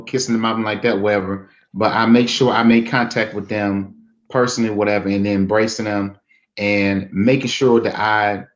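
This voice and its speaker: A man answers plainly and casually, his words coming in quick bursts. His voice sits fairly low, and the recording is a little dull. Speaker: panelist. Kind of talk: casual panel conversation.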